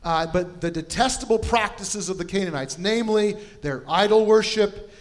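A middle-aged man preaching a sermon, his voice sitting a little higher than most men's. He tells stories in a loose, conversational way and drops in self-deprecating asides. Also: normal speed. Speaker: pastor. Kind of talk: storytelling sermon.

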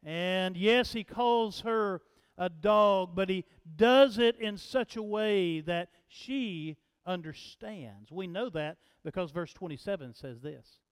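A male pastor, preaching slowly and dramatically, swelling to loud calls and dropping to hushed lines. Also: high voice, clear, resonant tone. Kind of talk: sermon. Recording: long reverb in a large hall.

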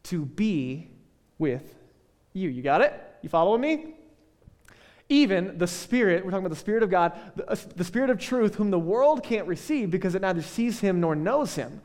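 A male pastor giving a casual, conversational sermon, full of joking asides and quick checks with the listeners. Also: sits high, big pitch swings, darkish tone, in a large hall.

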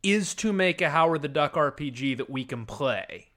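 A man's voice: fairly high pitch, lively intonation, normal speed, a bit bright. A man hosting a podcast and chatting with friends, steering the talk and joking in a dry way. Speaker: podcast host. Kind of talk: casual chat among friends.

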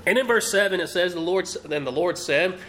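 A man's voice: high-pitched, brisk, slight background noise. A man preaching a sermon, walking through a scripture passage, asking the listeners questions and acting out what the characters say. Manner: animated, rhetorical questions, acts out quotes. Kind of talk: sermon teaching.

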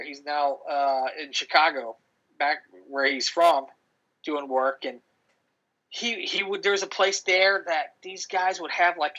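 Here the same kind of podcast co-host, a middle-aged man, tells meandering stories full of restarts and "dude" in casual chat. His pitch runs fairly high and his tone is sharp, captured on dull lo-fi audio.

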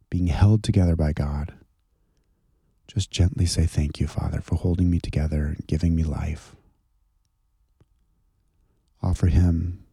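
A man with a very low, gravelly voice leads a guided contemplative prayer. His tone is dark and husky, slow and gentle. The sound is dry and close. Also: no echo. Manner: slow, gentle, soothing guidance. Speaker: pastor leading guided prayer.

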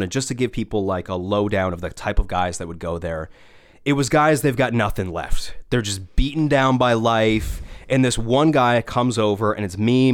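A man telling a long comic story from his radio days in casual podcast chat, rambling with asides and swearing. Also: lowish voice.

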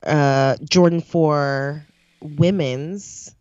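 A woman co-hosting a casual chat show, relaxed, slangy and upbeat. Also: low-pitched, very slow, smooth, dry recording. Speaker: co-host. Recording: dull lo-fi dry sound.

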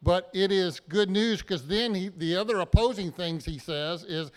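A man's voice: high-pitched, moderate pace, hardly any pauses. A man preaching a sermon in a church, talking to the congregation in a plain, conversational way with everyday examples. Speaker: pastor.

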